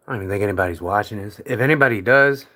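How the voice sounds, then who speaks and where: A man's voice: fairly low pitch, racing, sharp tone. A young man casually coaxing his pet mouse toward a phone camera, joking and swearing a little. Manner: coaxing, joking, mildly profane. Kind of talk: casual vlog talk.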